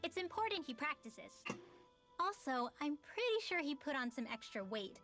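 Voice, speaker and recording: A woman's voice: high-pitched, sing-song, moderate pace, fairly bright tone. An actress voicing a young woman mage in a video game who dotes on her pet owl and fusses over him. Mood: fussing. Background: faint game music.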